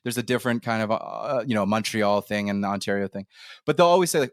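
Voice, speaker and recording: Animated Canadian man hosting a podcast. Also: on the low side, fast, dry recording, studio quality. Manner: animated, storytelling, slips into playful impressions. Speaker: podcast host. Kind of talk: casual conversational interview.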